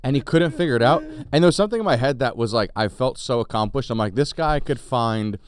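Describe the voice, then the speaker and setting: A man's voice: medium pitch, fast talker, no room sound, clean studio sound. A man, a comedian co-hosting a podcast, telling crude stories in casual chat. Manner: crude, animated storytelling with quoted voices.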